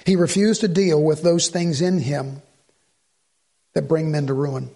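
A man preaching a sermon as the pastor, swinging from loud exhortation to low, earnest asides. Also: unhurried, vocal fry.

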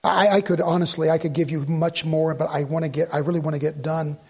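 A man's voice: fairly high pitch, steady tone, fast talker, creaky, darkish tone, breathy edge. A middle-aged pastor preaching a sermon, telling a Bible story and acting out its dialogue, often repeating and restarting his words.

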